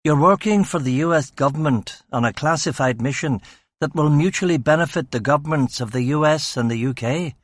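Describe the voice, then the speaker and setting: A man's voice: a little high, brisk, dry recording, clean studio sound, close to an everyday voice. A man voicing a blunt, wry male police detective in an audiobook reading. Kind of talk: audiobook character voice.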